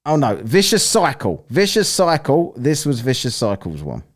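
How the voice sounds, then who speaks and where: A man's voice: medium pitch, huge pitch swings, moderate pace. A man hosting a casual live-stream, rambling, swearing and laughing as he plays listener clips. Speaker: streamer hosting a soundbite contest.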